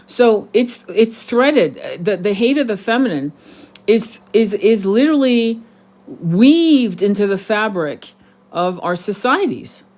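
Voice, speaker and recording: A woman's voice: medium pitch, expressive, slow pace, a little mellow. Blunt, profane woman ranting to viewers. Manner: blunt, profane, heated, many restarts. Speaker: tarot channel host. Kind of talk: casual monologue to viewers.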